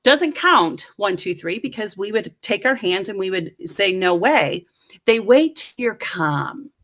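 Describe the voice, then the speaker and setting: Woman guest, animated storyteller, self-mocking, acts out voices, middle-aged. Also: medium pitch, unhurried.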